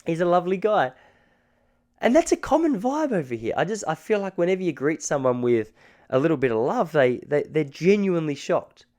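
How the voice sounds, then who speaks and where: A man's voice: fairly high pitch, big pitch swings, fairly quick, darkish tone. An Australian man in his thirties hosting a podcast, telling rambling, joking stories in a casual solo monologue. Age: 30s. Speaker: podcast host.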